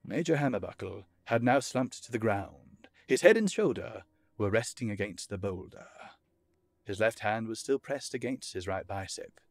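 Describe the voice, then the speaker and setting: A man narrating a fantasy audiobook in a measured, expressive storytelling manner. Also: lowish voice, gravelly, dry recording.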